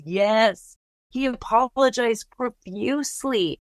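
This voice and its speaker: A woman's voice: on the high side, slow pace, no echo, studio quality. A woman telling a painful personal story in an earnest, candid way, swearing now and then. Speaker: guest.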